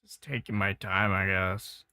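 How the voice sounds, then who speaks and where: A male art streamer chats in a loose, rambling way and breaks into laughter often. His slow, bright voice sounds dry and close. Quiet music plays behind him. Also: deep voice, smooth, no room sound. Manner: relaxed, rambling, quick to laugh. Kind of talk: casual art stream chat.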